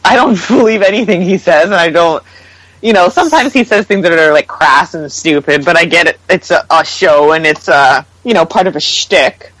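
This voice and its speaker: A woman's voice: on the low side, normal speed, dry recording, rough recording. A woman co-hosting a podcast, chatting casually and acting out what others said with exasperation. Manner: animated, exasperated, acts out quotes. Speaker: podcast co-host. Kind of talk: casual chat.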